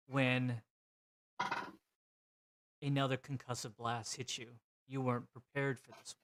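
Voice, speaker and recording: A man's voice: medium pitch, a little hiss or hum. A man narrating a tabletop role-playing game as game master, describing scenes vividly with frequent fillers.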